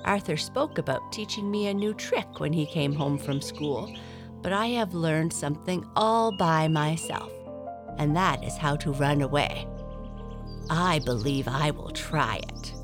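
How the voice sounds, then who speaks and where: A woman's voice: deep voice, a little slow. A woman voicing a curious young female black cat in a storybook, asking eager, wide-eyed questions. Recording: clear music behind voice.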